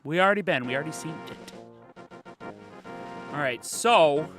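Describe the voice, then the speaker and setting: A man's voice: fairly high pitch, expressive, normal speed, a bit bright, soft background music. A man streaming a video game, joking casually and talking to his chat as he plays. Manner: chatty, jokey, talking to chat. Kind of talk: casual gameplay commentary.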